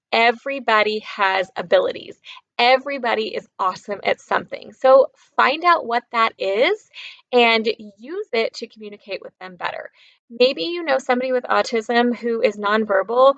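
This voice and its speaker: A woman teaching children in a video lesson, gentle and patient, often checking in with them. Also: on the high side, no room sound, dull audio. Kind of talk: talking to kids in a lesson video.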